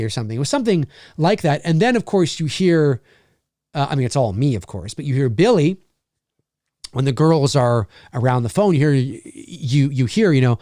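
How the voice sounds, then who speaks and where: A man hosting a live question-and-answer stream as a voice actor, talking in a rambling, animated way and swearing freely. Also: mid-range voice, a little fast, no echo, clean studio sound. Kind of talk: casual live-stream chat.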